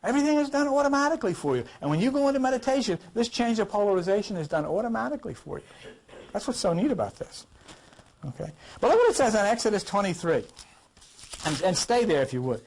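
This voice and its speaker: High-voiced man teaching Bible class. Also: sing-song, fast talker, gravelly, a little mellow. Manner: emphatic, with many rhetorical questions. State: coughing, recovering from a cough. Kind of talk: informal Bible class lecture.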